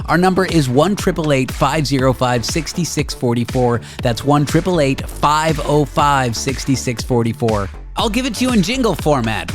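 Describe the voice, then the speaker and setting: A man hosting a radio talk show, joking and bantering playfully with his guest. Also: on the high side. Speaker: host.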